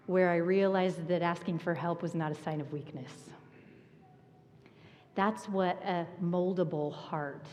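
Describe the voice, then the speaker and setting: A woman pastor preaching a sermon, telling a personal story with animated energy and laughter. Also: medium pitch, measured pace. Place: church sanctuary. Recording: long reverb of a church hall.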